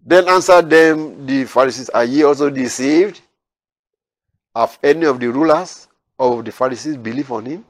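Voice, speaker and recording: A man's voice: mid-range voice, normal speed. A man teaching scripture verse by verse, explaining with repeated phrases and everyday examples and reading the verses aloud. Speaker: Bible teacher.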